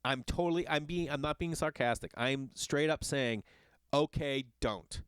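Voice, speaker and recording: A middle-aged man ranting in a casual monologue, swearing often and jumping between loud outbursts and muttered asides. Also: a little high, normal speed, smooth, no echo, studio quality. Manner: ranting, profane, animated. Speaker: podcast host. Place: Los Angeles.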